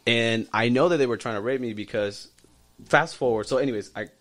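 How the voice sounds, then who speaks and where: Man telling a story with lively acted-out quotes. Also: medium pitch, brisk. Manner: animated, swears freely, acts out other people's lines. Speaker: podcast guest. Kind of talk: casual storytelling.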